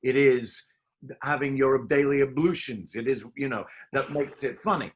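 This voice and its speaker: Over a video call microphone, a man with a mid-range voice hosts a casual interview at normal speed. His phrasing is florid and theatrical.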